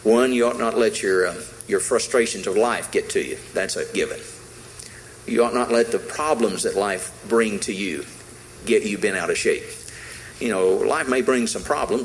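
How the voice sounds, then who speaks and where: A man's voice: on the low side, slight background noise, rough recording. A man preaching a sermon in a folksy, emphatic way, retelling a Bible story with acted-out quotes and repeated lines.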